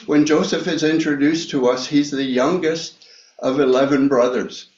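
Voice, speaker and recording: A man preaching a Bible study sermon, talking slowly with many fillers and restarts. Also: fairly high pitch, fairly even intonation, a little mellow. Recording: echoey room, dull lo-fi sound.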